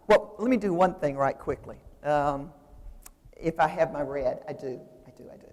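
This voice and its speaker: A woman's voice: lowish voice, a little mellow. A woman lectures in a seminary hall, and her voice carries a long reverb off the room. She talks in a loose, conversational way, circling back and restarting sentences with plenty of "uh"s as she explains. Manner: conversational, digressive, with frequent fillers and restarts.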